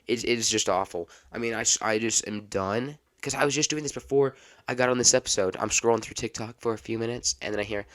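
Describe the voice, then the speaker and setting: A man's voice: on the low side, lively intonation, a little fast, a bit bright. A man hosting a solo podcast, talking in a rambling, exasperated way. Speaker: podcast host.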